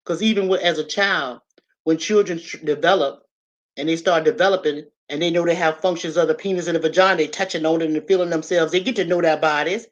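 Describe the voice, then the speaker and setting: Hosting a livestream, a woman gives a casual but preachy motivational talk, speaking directly to her viewers in an emphatic, repetitive way. Her voice is deep and steady, and she talks fast. The sound is lo-fi.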